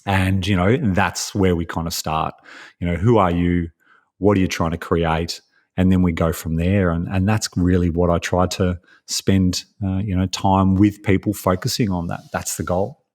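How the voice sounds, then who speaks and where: A man's voice: deep voice, flat delivery, moderate pace, darkish tone. A man with an Australian accent, a life coach talking as a podcast guest in a friendly, rambling way with many fillers. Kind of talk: casual interview talk.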